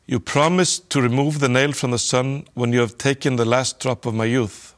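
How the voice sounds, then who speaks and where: A man voicing a quiet, brave young boy in a storybook reading, soft and earnest. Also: medium pitch, steady tone, moderate pace, natural voice. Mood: resolute.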